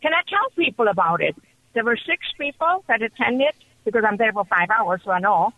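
A woman calling in to a radio show, telling her story with excited, animated energy over the telephone. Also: on the high side, a little fast. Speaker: caller. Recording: dull phone line.

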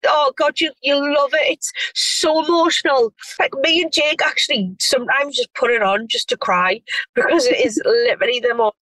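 A woman's voice: sits high, moderate pace, a bit bright, no room sound, rough recording. A woman, talking in a gushing, effusive way full of restarts. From North East England. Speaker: reality TV star guest. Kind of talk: casual chat.

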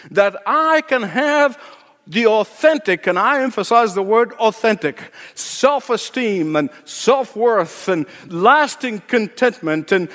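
A man's voice: high-pitched, fairly bright tone, big-room sound. A male preacher giving a sermon, emphatic and building his points through repeated phrases.

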